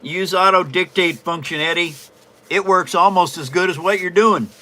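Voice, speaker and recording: A man's voice: high-pitched, normal speed, bright, forceful tone. A man hosting a live stream, chatting casually while he works on a paper model and answers viewers. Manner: chatty, explains while building, self-amused. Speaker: host and paper model builder.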